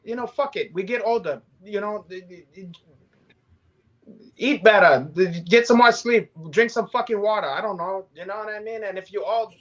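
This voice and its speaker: A man with a somewhat high voice talks in loose, profane podcast banter full of jokes. His audio comes through a little dull and muffled, like a remote feed. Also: normal speed. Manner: crude, joking, loose and profane. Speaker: co-host.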